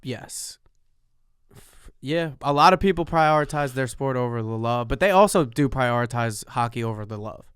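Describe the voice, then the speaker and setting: A man co-hosting a podcast in a relaxed chat, often agreeing with his co-host. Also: mid-range voice, normal speed, clear, resonant tone, no echo, studio quality. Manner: agreeable, often says yeah, laid-back. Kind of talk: casual chat.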